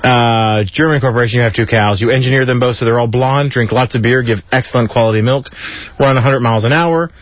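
A fast-talking male radio host with a mid-range voice reads jokes aloud in a lively manner, chuckling between them. His community station's studio sound has no echo, though the broadcast itself comes across dull and lo-fi.

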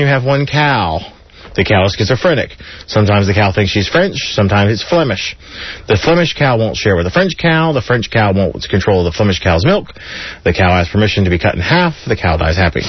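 A man's voice: mid-range voice, noisy background. A man hosting a community radio show, reading a list of jokes aloud and chuckling between them. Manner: chuckling, animated joke delivery. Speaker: radio host. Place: radio studio. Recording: dull lo-fi radio broadcast.

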